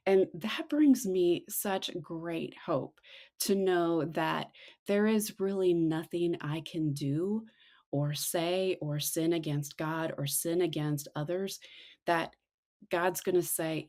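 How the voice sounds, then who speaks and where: A middle-aged woman co-hosting a casual devotional chat, slowing and softening on her reflective points. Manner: acts out quoted voices with big pitch jumps. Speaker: podcast co-host.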